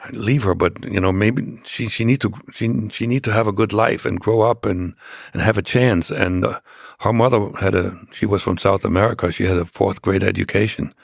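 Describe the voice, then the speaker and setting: Deep gravelly older man telling a story. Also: fairly even intonation, no echo, clean studio sound. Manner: halting, many restarts and fillers. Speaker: interview guest. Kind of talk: storytelling in a podcast interview.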